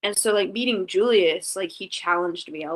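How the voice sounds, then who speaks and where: A woman's voice: medium pitch, moderate pace, rough recording. A woman guest telling a personal story in casual, candid talk, full of "like" fillers and restarts. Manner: candid and reflective. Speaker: podcast guest.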